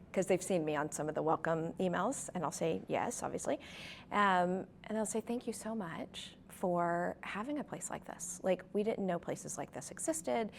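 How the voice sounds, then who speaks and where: A woman in her forties talks through an interview as a physical therapist, her voice low and full of vocal fry. She tells stories at an easy, conversational pace, with plenty of ums. A faint hiss sits behind her. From California, USA. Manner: warm storytelling with frequent ums. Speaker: pelvic health physical therapist, clinic owner.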